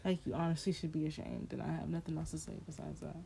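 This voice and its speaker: A woman's voice: deep voice, little pitch movement, fast talker, gravelly, mellow, slight background noise. A young woman co-hosting a podcast, reacting with shock and short remarks in casual chat. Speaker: podcast co-host.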